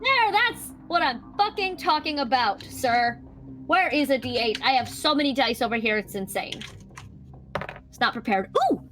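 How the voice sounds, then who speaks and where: A woman playing a tabletop game, excited and swearing casually. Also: sits high, normal speed, a little hiss or hum. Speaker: player.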